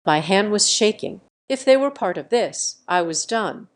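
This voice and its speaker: Woman, story narrator, scripted first-person telling, medium pitch, even delivery. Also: unhurried.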